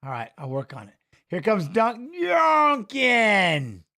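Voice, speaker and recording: A man's voice: on the high side, very animated. A man hosting a fight watch-along in casual, rambling commentary, muttering asides and rattling off stats. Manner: rambling, muttered asides and quick stat reading.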